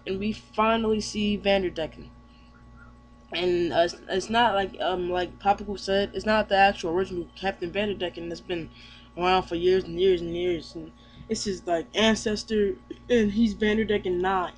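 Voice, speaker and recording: A man's voice: high voice, steady tone, normal speed, a little hiss or hum. A man giving a casual manga chapter recap, rambling with many fillers and self-corrections. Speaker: manga reviewer.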